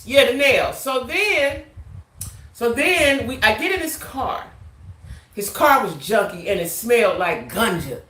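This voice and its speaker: A woman vlogger telling a casual storytime tale, animated, ending her lines with "right?". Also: fairly high pitch, unhurried, roomy sound.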